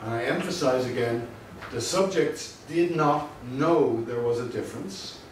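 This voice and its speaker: A male lecturer giving a university lecture, measured and explanatory, stressing his key points. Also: medium pitch. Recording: very echoey room from a distant mic with faint noise.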